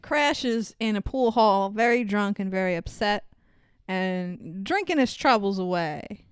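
A woman co-hosting a casual movie recap podcast. She is animated and sarcastic, and she swears freely. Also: medium pitch, a little slow, clean tone, dry recording, studio quality. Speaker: podcast co-host.

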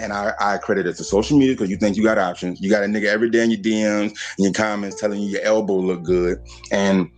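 A man's voice: medium pitch, darkish tone. Profane, preachy podcast host man. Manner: profane, preachy, addresses listeners directly. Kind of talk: casual podcast chat.

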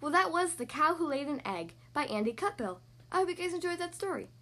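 A young woman hosting a podcast, reading a children's storybook in a friendly, expressive way. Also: high-pitched, brisk.

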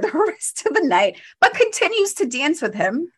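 A woman co-hosting a podcast, telling a lively story in casual chat and laughing often. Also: on the high side, moderate pace, hardly any pauses. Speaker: podcast co-host.

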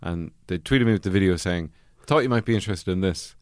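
A man co-hosting a casual podcast, telling absurd stories in a deadpan way. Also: low voice, fast talker, no room sound, studio quality. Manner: deadpan storytelling, absurd jokes. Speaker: podcast co-host. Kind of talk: casual chat.

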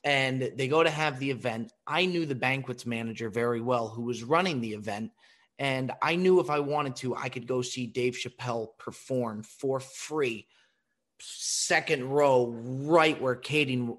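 A man hosting a podcast, telling anecdotes in a lively, profane way and acting out the people in them. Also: mid-range voice. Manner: animated, profane, acts out quotes. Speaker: podcast host. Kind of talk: casual storytelling.

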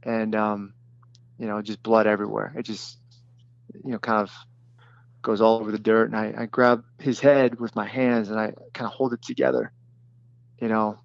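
Man slowly recounting a combat story. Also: fairly low pitch, flat delivery, vocal fry, no room sound, muffled recording. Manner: plain, halting storytelling with many fillers and restarts. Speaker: former special forces detachment commander.

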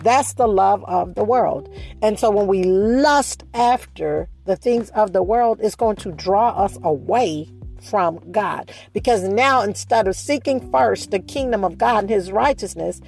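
Woman preacher, sermon, emphatic repeated phrases, gravelly. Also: medium pitch, measured pace, darkish tone, faint music behind.

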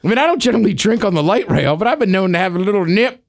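A man's voice: high-pitched, animated, rapid-fire, creaky. A man from Washington, D.C., co-hosting a podcast in casual banter, laid-back and jokey, often chiming in with short replies. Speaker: podcast co-host.

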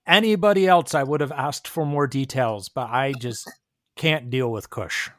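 A man's voice: mid-range voice, normal speed, no room sound, clean studio sound. A man, a player in a tabletop game, chatting cheerfully and describing his character's actions. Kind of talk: casual tabletop game chat.

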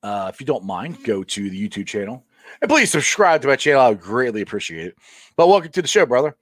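A man's voice: medium pitch, quick pace, no echo, studio quality. A man hosting a casual sports talk livestream, talking passionately with lots of restarts and reading viewer comments. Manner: passionate, animated, many restarts.

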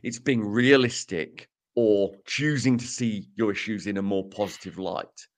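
A man's voice: fairly low pitch, unhurried. A man co-hosting a casual podcast, summing up research with wry, self-mocking jokes. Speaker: podcast co-host presenting research.

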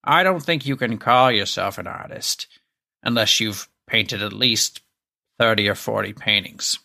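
A man voicing a gruff older male painting professor with a Boston accent, lecturing in a stern way. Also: fairly low pitch, unhurried, sharp tone, full character voice.

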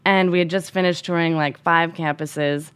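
A woman telling a personal story with an animated, emphatic delivery. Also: on the low side, moderate pace, smooth.

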